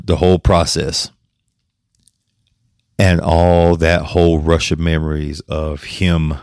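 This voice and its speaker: A man with a deep, low voice talks on his own podcast, choked up and near tears. He stumbles, restarts and laughs through the emotion. The sound is dry and close, with no room echo. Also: a little mellow. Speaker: podcast host. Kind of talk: personal podcast monologue.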